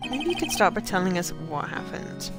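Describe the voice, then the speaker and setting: A woman's voice: mid-range voice, big pitch swings, a little fast, pitched below the performer's own voice, natural voice. Woman reading as an earnest young lawyer, matter-of-fact, game music under.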